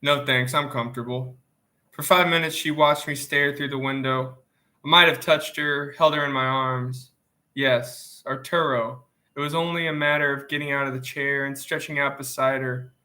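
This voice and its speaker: A man reads a novel aloud in plain, steady first-person narration. His voice is bright and clear-toned, though sniffly from allergies. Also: medium pitch, moderate pace. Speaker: audiobook reader.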